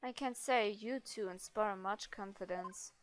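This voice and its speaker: A woman's voice: mid-range voice, a little slow, slight background noise, voice pushed down, lightly acted. A woman voicing a smug, aloof young man who speaks curtly and coolly.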